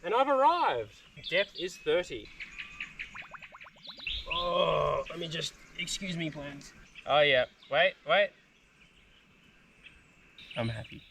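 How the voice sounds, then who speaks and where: A man's voice: fairly high pitch, very animated, slow, vocal fry, pauses often, a bit bright. A young man, a PhD student, chatting enthusiastically and joking about himself while doing fieldwork outdoors in a swamp. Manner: enthusiastic, jokey, self-mocking. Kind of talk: casual outdoor field vlog. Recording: distant mic with faint outdoor noise.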